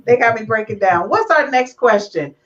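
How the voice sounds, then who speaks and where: A woman hosts a relationship podcast with a slightly high voice. She teases her guests and gets emotional. The audio is dull and lo-fi, like a live stream. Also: moderate pace. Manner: animated, teasing, emotional. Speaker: podcast host. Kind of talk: lively relationship podcast chat.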